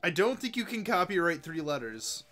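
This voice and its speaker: A man hosting a live racing game stream, chatty and excitable, talking to chat and to his cat at home. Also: normal speed, soft background music. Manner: excitable, chatty, bursts into high-pitched baby talk with his cat. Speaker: livestream host. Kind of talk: live gameplay commentary.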